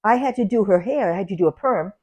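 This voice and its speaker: An older woman, casually telling animated stories about her salon and laughing as she goes. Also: medium pitch, quick pace. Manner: animated, laughs through anecdotes, loud when acting out yelling. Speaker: salon owner. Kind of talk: casual storytelling.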